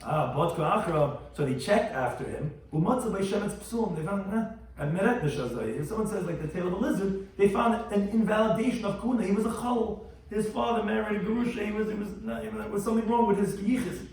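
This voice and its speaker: A rabbi gives a Talmud lecture at a rapid clip, his voice sitting a little high for a man. He tells the stories with animation and translates each term as he goes. The sound is very echoey, with the mic set far from him. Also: darkish tone.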